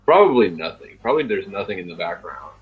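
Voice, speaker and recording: A man's voice: deep voice, big pitch swings, fast talker, husky. A man co-hosting a podcast, trading crude, teasing jokes in casual chat. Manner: teasing, crude joking banter. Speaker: podcast co-host. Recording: dull lo-fi sound.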